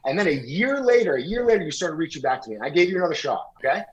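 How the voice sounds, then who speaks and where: Ranting, profane high-voiced man. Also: lively intonation, racing, muffled recording. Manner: rambling, profane, confrontational, acts out quotes. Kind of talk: heated comedic rant. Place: indoor room with wallpaper and a lit mirror.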